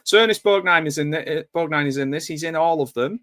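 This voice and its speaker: A man's voice: a little high, fast talker, a bit bright. A man giving a casual, rambling live commentary while watching a movie, drifting into nostalgic asides. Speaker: film commentator.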